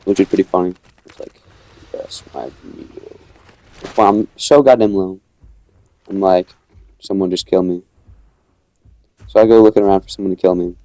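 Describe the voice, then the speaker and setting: A man's voice: lowish voice, dark tone, a little hiss or hum. A young man casually narrating his own dinosaur gameplay, rambling as he tells the story and acting out quoted lines.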